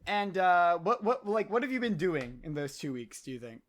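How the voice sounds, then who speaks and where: A man's voice: high voice, expressive, moderate pace. A man narrating as game master of a tabletop game, hesitant and full of fillers. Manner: hesitant, filler-heavy, laughs often.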